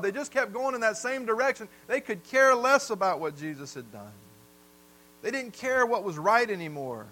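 A man's voice: high voice, bright, forceful tone, low-quality recording. A man from the South, preaching a sermon in a folksy storytelling way and putting questions to the congregation. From American South. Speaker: pastor.

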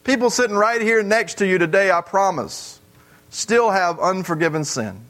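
High-voiced man preaching a sermon. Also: fairly bright tone. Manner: earnest, repetitive preaching with drawn-out pauses. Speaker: pastor. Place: church.

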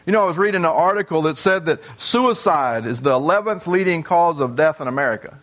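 A pastor delivering a sermon to his congregation in church, earnest and repetitive, with long drawn-out pauses. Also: fairly high pitch, expressive, fairly bright tone.

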